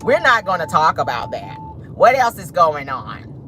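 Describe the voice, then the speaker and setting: A woman mocking a dismissive man who dodges questions, in a low, flat, brushing-off voice. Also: measured pace, a little hiss or hum, heavily acted.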